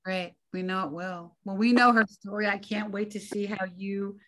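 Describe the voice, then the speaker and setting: A woman's voice: medium pitch, fairly even intonation, moderate pace, fairly bright tone. A woman hosting a talk show, upbeat and chatty, introducing her guests.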